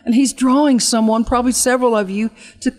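A woman ministry leader with a highish, darkish voice and fairly even intonation leads an altar call after an emotional testimony. Earnest and fervent, her preaching cadence stumbles into restarts and slows when she wants emphasis.

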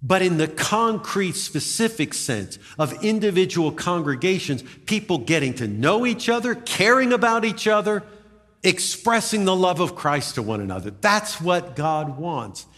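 A man preaches to his congregation in a somewhat high voice that swings widely in pitch as he stresses his points. His words ring out in a large hall with a long reverb tail, and he moves in and out from the mic. He is easy and conversational with his listeners. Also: normal speed. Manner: lively preaching, rising and falling emphasis; jokes with the congregation. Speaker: pastor. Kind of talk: sermon. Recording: reverberant sanctuary, voice sometimes far from mic.

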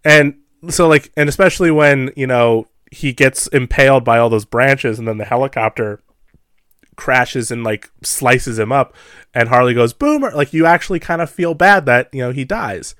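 Animated man chatting about a movie. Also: medium pitch, moderate pace, no echo, studio quality. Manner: animated, laughs often, acts out quotes. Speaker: podcast co-host. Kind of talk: casual movie discussion.

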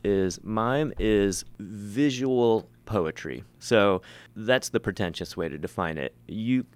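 A man's voice: lowish voice, animated, takes it slowly, clear, resonant tone, no room sound. A man, a mime performer and teacher, chatting as an interview guest in a rambling, self-mocking way with many restarts. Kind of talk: casual interview chat.

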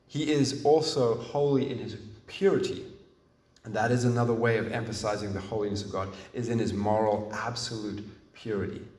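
A man's voice: fairly low pitch, fairly even intonation, a little mellow. Male preacher, earnest and emphatic, heard from a distance in an echoey room. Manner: earnest, emphatic, with frequent restarts and pauses. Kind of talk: sermon.

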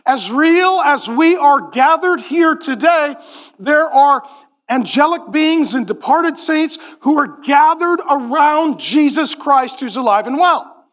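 Forties male pastor, high voice, lively joking preacher in a church sermon. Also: slow pace. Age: 40s. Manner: animated, joking, acts out voices in quotes.

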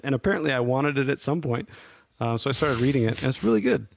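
A man's voice: mid-range voice, lively intonation, fast, vocal fry, few pauses. A man in casual reflective conversation, hesitant and full of fillers and restarts.

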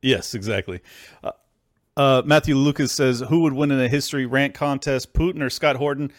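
A man's voice: medium pitch, a little fast, dry recording, clean studio sound. A man hosting a podcast in casual chat, reading out listener comments in an easygoing way. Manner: easygoing, brief agreeing replies. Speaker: podcast host.

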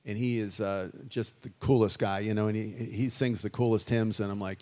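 A man's voice: on the low side, moderate pace. An older man, a guest musician, answering audience questions at a festival talkback in a chatty, rambling way. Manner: chatty, animated, rambling with restarts.

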